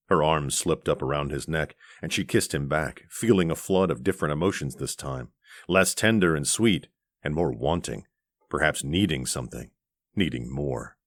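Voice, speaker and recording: A man reading an audiobook aloud in a measured, gentle narration on a close studio mic. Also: a bass voice, no echo.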